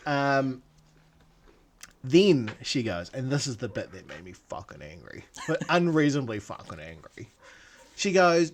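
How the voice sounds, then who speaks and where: A man with a New Zealand accent, co-hosting a podcast and telling stories in an animated, profane, ranting way. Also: mid-range voice, unhurried, pauses often. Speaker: podcast co-host. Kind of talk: casual storytelling chat.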